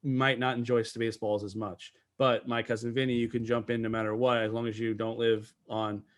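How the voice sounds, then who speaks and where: New dude on a podcast, rambly, lots of likes and ums, mid pitch. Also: male voice, little pitch movement, a little fast. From New York. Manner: rambling, many fillers and restarts. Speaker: podcast co-host. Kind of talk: casual chat.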